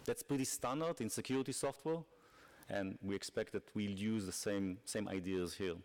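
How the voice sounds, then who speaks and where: Industry guy on a panel, emphatic, kinda low voice. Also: normal speed, a little mellow. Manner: emphatic, persuasive. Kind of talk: conference talk.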